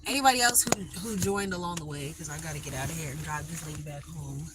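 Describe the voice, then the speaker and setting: A woman's voice: low voice, quick pace, noisy background. A woman hosting a casual livestream from a car, chatty and upbeat, a little out of breath with a congested nose. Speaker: livestream host.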